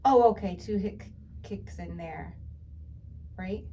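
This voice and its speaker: A woman's voice: mid-range voice, slow pace, dark tone, recorded from a distance, slight background noise. A woman coaching a singing student, explaining patiently and encouragingly with plenty of fillers. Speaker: voice teacher. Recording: from across the room, with music behind.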